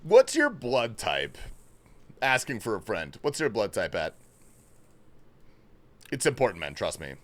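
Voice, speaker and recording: A man's voice: lowish voice, wildly swooping pitch, a little slow, pauses often. A young adult man hosting a livestream, chatting casually, joking, swearing and thanking viewers from chat. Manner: loose, joking, swears a lot; reads and thanks chat messages. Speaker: livestream host.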